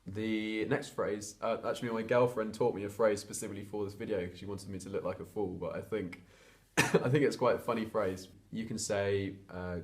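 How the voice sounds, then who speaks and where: A man's voice: on the low side, fairly even intonation, fairly quick. A young man from England talking casually to camera, chatty and hesitant with lots of fillers and restarts. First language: English. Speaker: vlogger.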